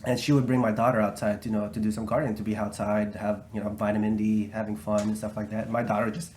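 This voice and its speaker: A man's voice: on the low side, flat delivery, quick pace, a little mellow, slight background noise. A man hosting a podcast, chatting casually and agreeing, thinking aloud with fillers.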